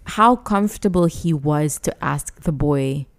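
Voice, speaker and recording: Low-voiced woman, earnest and indignant. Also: measured pace. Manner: earnest, indignant, many restarts. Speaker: podcast co-host. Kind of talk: casual chat.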